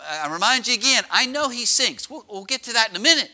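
A middle-aged pastor preaching a sermon, telling stories with lively slowdowns and sudden drops to a hush. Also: male voice, extremely high pitch. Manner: animated storytelling with dramatic slowdowns and drops to a hush.

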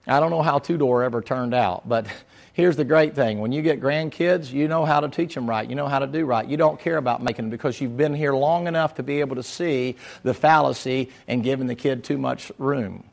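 A man's voice: mid-range voice, brisk, creaky. A man preaching a sermon, moving from folksy storytelling to fervent exhortation.

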